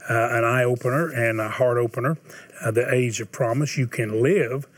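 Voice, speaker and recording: A man's voice: mid-range voice, fairly even intonation, moderate pace, no echo. Earnest older man hosting Christian TV. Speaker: TV host. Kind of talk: Christian TV talk show hosting and appeal.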